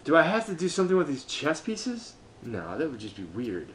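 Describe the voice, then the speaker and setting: Fed-up gamer guy, higher-pitched, mutters and rants, constant swearing, light background noise. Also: fairly quick. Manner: frustrated, swearing constantly, talking to himself; lively pitch, swings between muttering and yelling. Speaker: gameplay streamer. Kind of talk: live gameplay commentary.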